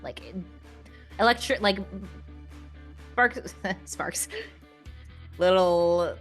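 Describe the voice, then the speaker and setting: A woman running a tabletop role-playing game as game master, narrating the action vividly and laughing easily. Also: fairly low pitch.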